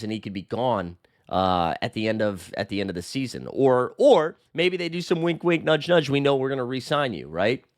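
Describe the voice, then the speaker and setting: A man hosting a casual sports show, reading viewer comments and answering them bluntly and animatedly, a little hoarse. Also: medium pitch, no room sound, clean studio sound. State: slightly hoarse. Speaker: host.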